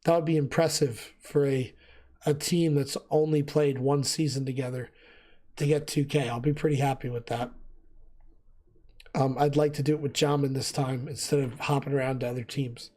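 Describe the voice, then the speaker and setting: A man who is losing his voice explains game gear in a relaxed, casual talk, thinking aloud with frequent fillers. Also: mid-range voice, moderate pace. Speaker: gaming video host.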